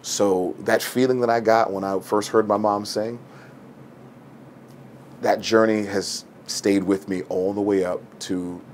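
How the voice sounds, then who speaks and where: Man in his 40s, stage actor telling his story, kinda low voice, jumps into character voices for the quotes. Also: a little slow, slight background noise. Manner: animated, acts out quoted voices. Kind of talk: personal storytelling.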